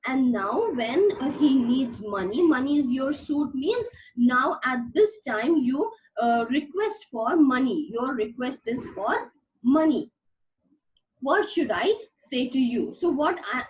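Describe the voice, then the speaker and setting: High-voiced woman teaching a play slowly. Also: expressive, a little hiss or hum, poor audio. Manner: paraphrases slowly with many fillers. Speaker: literature teacher. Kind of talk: explaining a play line by line.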